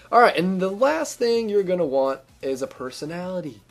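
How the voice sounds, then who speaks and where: A man's voice: sits high, very animated, normal speed, faint music behind. A man giving casual gameplay commentary as a gaming video host, chatty and upbeat with lots of ums and restarts. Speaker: gaming YouTuber giving channel tips.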